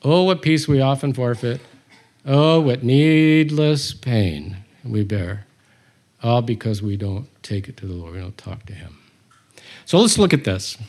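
A man's voice: medium pitch, expressive, a little slow, a little mellow. A man teaching a Bible study, reading scripture aloud and commenting on it with humor.

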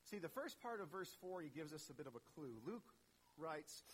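Male pastor, high and very lively voice, chatty sermon delivery. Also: moderate pace, slight background noise, low-quality recording. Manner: animated, conversational, talks straight to the congregation.

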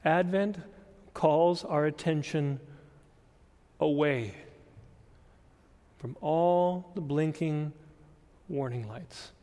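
Unhurried male preacher, earnest and deliberate, heard in an echoing church sanctuary. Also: on the high side, dark tone. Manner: deliberate storytelling, building to earnest emphasis. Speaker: pastor. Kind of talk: sermon. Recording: long church-hall reverb.

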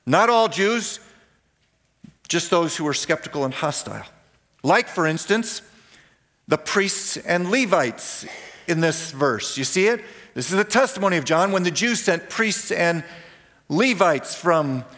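High-voiced preaching pastor in a hall. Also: male voice, a bit bright. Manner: emphatic preaching, repeating key phrases, slowing for stress. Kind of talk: sermon. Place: church sanctuary.

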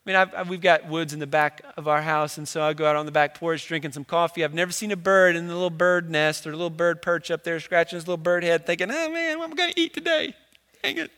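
Young male pastor, high, bright voice, casual joking sermon delivery, echoing church hall. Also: little pitch movement, quick pace, hardly any pauses. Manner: casual, joking, conversational preaching.

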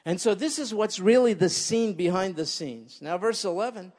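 A man delivers a sermon with animation, often turning to his listeners with questions. His voice is high and very lively in pitch. A long reverb trails behind him, as in a large hall. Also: moderate pace, few pauses. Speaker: preacher.

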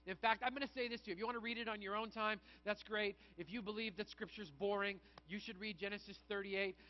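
A man preaching a sermon to his congregation, in an animated, conversational way, with acted asides. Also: sits high, fast, highs cut off. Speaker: pastor.

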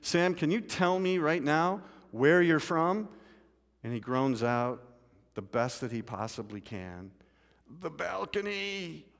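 A man preaching a sermon and telling a story, swinging from loud, urgent pleading to quiet, low asides. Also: fairly even intonation, slow pace. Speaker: pastor. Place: church sanctuary. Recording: long hall reverb.

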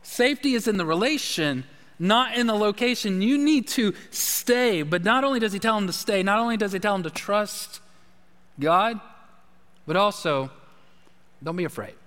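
High-voiced preacher in a reverberant hall. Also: male voice, expressive, normal speed, fairly bright tone. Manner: repetitive, emphatic preaching with many restarts. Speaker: pastor. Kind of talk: sermon.

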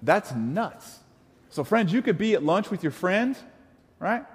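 A young adult man preaching a sermon, animated, with playful asides and mimicked voices. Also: sits high, a little slow, husky. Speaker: pastor. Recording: long hall reverb.

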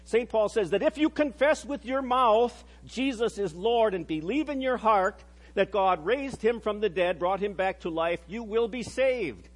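A high-pitched man in middle age delivers a sermon. He speaks earnestly and slows down to stress the phrases that matter, then drops low and quiet for the solemn lines. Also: animated. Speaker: pastor.

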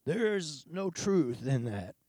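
A man preaching a sermon in an earnest, confessional way, pausing and sighing between thoughts. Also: on the high side, sing-song, a little mellow, husky, no echo, clean studio sound.

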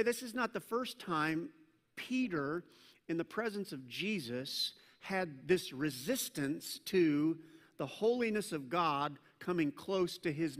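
A man preaching a sermon as pastor, animated in his storytelling, acting out scripture voices, and dropping self-deprecating asides. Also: fairly high pitch, in a large hall.

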